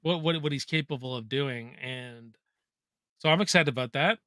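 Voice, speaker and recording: A man's voice: medium pitch, normal speed, fairly bright tone, dry recording, studio quality. A man with a Canadian accent hosting a live watch-party, reading viewers' questions aloud and chatting casually. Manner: reads chat questions aloud, casual and joking. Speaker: host.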